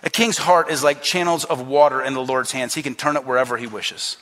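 A man's voice: mid-range voice, steady tone, a little fast, pushed and bright. A man preaching a sermon as pastor, emphatic and repetitive, acting out quoted voices.

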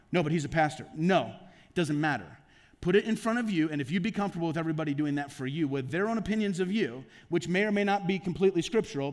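Male pastor with a high voice, preaching conversationally in rapid rhetorical questions, long church-hall echo. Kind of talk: conversational sermon. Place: church sanctuary.

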